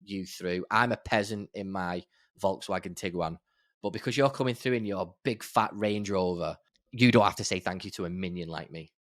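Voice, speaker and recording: An easygoing man with a fairly low voice chats on a podcast. He talks emphatically and slips into sarcastic outbursts, recorded dry and close. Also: normal speed, fairly bright tone, dry recording. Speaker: podcast co-host. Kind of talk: casual chat.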